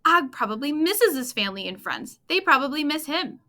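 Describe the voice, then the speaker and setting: Lady reading as a worked-up schoolgirl, high and bright, all earnest. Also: very animated, a little fast, heavily acted. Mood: indignant. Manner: earnest, indignant. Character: upset eager schoolgirl.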